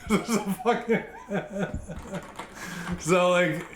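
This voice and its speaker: A young man with a fairly high voice tells stories at an unhurried pace, laughing as he goes. He rambles with lots of fillers. The room around him is echoey. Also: background noise. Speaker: podcast co-host. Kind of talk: casual chat.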